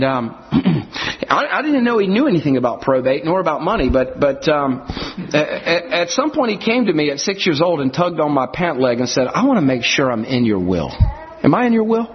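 A man preaching a sermon in an animated way, acting out scenes from scripture and everyday life. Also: fairly high pitch, slight background noise. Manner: animated, acts out scenes in character voices. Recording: dull lo-fi audio.

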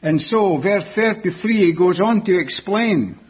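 A man preaching a sermon that explains a Bible passage, deliberate and repeating key words for emphasis. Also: high-pitched, lively intonation, slightly rough, dull audio.

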